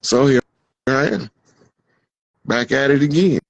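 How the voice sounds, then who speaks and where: A man speaking as a guest in a casual spiritual chat, slow and emphatic, like a proclamation. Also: medium pitch, vocal fry, no room sound, dull audio.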